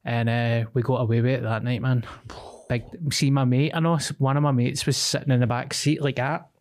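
A man's voice: mid-range voice, steady tone, a little fast. A young man with a Glaswegian accent, co-hosting a podcast and telling a rambling, confessional story in casual chat. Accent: Scottish, Glaswegian. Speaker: podcast co-host.

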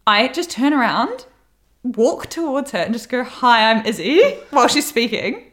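A woman's voice: fairly high pitch, lively intonation, normal speed, a bit bright. A young woman in casual chat, telling a story animatedly and acting out the quotes.

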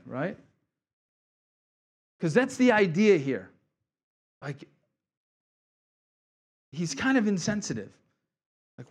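A man's voice: sits high, very animated, measured pace, pauses often. A middle-aged man, preaching a sermon as pastor in a casual, joking way with asides. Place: church sanctuary.

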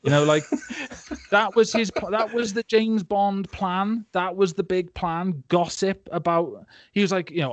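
A man's voice: a little high, expressive, normal speed, no echo. A young man in a casual film-review chat, rambling and sarcastic, often laughing and putting on silly voices. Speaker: podcast host.

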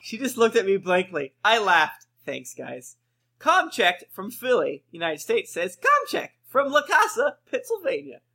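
A man's voice: sits high, wildly swooping pitch, unhurried, gravelly, bright, forceful tone, breathy edge. A man co-hosting a casual podcast among friends, reading listener reviews aloud with playful, jokey emphasis.

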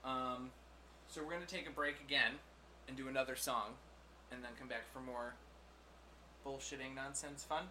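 A man's voice: mid-range voice, steady tone, normal speed, long pauses, sharp tone, slight background noise. A man hosting a podcast in casual, chatty banter, laughing easily and swearing offhandedly. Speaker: podcast host.

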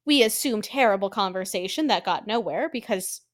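A woman co-hosting a podcast in casual chat, animated and swearing, acting out quotes from scenes. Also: medium pitch, moderate pace. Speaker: podcast co-host.

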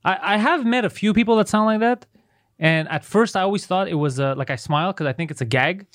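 A man's voice: sits high, quick pace, fairly bright tone, no echo, studio quality. A young man co-hosting a casual comedy podcast, telling family stories with frequent laughter and casual swearing. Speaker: podcast co-host.

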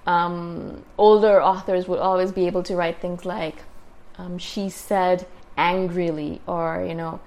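A woman's voice: on the low side, little pitch movement, a little slow, a little mellow. A woman hosting her own podcast, talking casually and rambling with lots of fillers and restarts. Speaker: podcast host. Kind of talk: casual solo talk. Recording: solo podcast.

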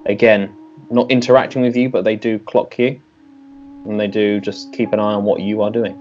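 A man narrating as game master of a tabletop game, loose and relaxed with many fillers. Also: fairly low pitch, moderate pace. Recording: dull lo-fi with music behind.

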